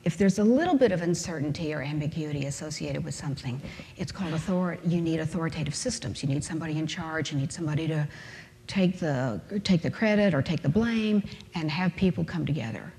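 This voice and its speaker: A woman with a lowish, slightly mellow voice gives a conference lecture, heard with long hall reverb. She speaks emphatically, using rhetorical questions and everyday examples.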